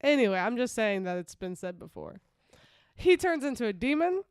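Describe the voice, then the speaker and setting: A woman's voice: fairly high pitch, very animated, normal speed, clear, resonant tone, no room sound, studio quality. A woman co-hosting a podcast in casual, emphatic chat, laughing often. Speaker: podcast co-host.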